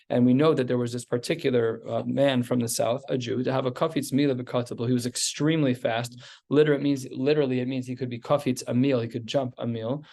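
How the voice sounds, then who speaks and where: A man, a rabbi, teaching a Talmud lesson, reading Aramaic phrases and explaining them in a relaxed, conversational way. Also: mid-range voice, creaky. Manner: reads Aramaic then translates, conversational.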